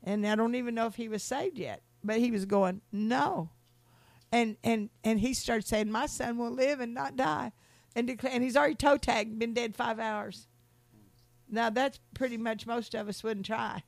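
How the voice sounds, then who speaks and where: A middle-aged woman, telling stories in a sermon, rambling and restarting, climbing high when she preaches about God. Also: fairly even intonation, moderate pace, dry recording. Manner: rambling, repeats words and restarts, laughs between stories. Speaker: speaker giving a testimony talk. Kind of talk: sermon-style storytelling.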